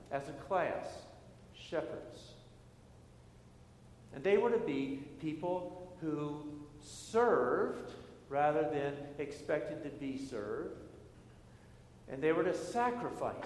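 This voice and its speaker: A middle-aged pastor preaching a sermon in a church, speaking in a deliberate, emphatic way with measured pauses. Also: male voice, a little high, a little mellow, slight background noise. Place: church sanctuary. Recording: echoey hall with faint ambience.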